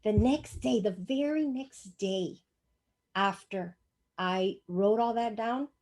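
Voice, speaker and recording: A woman's voice: mid-range voice, slow. An older woman giving a personal testimony in church, telling her story emphatically and acting out the dialogue. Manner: animated, acts out dialogue, emphatic.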